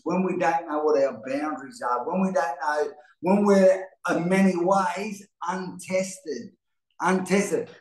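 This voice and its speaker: Aussie guy rambling through a live pep talk, kinda high voice, lots of restarts, roomy echo. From Australia. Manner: rambling, repeats and restarts words, earnest. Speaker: host.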